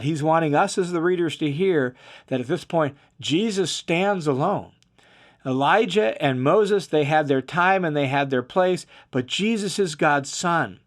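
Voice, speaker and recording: Casual, fairly high-voiced male Bible teacher. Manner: casual and explanatory, with asides like "right?". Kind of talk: conversational verse-by-verse Bible commentary.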